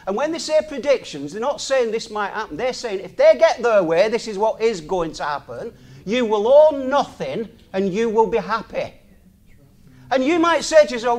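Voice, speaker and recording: A man's voice: high-pitched, expressive, normal speed, a little mellow. A man, talking in an informal sermon, chatty, laughing often and asking the listener rhetorical questions. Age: 60s.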